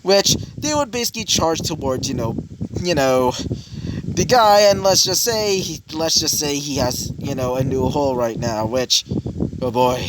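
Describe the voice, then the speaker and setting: A young man improvises a fan story, rambling along with lots of fillers. His pitch moves in a lively way, and loud noise fills the recording. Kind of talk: improvised fan-fiction narration.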